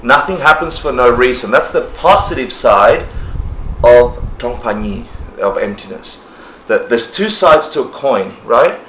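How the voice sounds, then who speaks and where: A man leads a casual class in a roomy hall, his voice bright and forward. He laughs easily and acts out people's reactions in funny little voices. A faint hum of ambience sits under him. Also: medium pitch, unhurried. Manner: animated, laughs often, acts out quoted reactions. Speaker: dharma teacher. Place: indoor class room.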